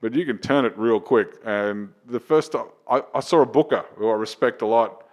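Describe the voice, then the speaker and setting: A man, a comedian chatting on a podcast and telling lively, profane anecdotes. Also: mid-range voice, normal speed. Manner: animated, profane anecdotes with acted-out quotes. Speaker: comedian and open mic host. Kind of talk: casual podcast storytelling.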